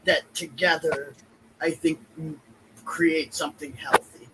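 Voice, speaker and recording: A man's voice: on the high side, steady tone, unhurried, very noisy. A man who is a guest on a podcast, chatting casually with many "like"s and restarts.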